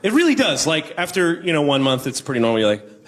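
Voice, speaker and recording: A man's voice: medium pitch, lively intonation, quick pace. A man doing an observational stand-up routine with a wry, rambling delivery and silly impressions. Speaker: stand-up comedian. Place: comedy club before a live audience. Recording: crowd laughter and ambient noise.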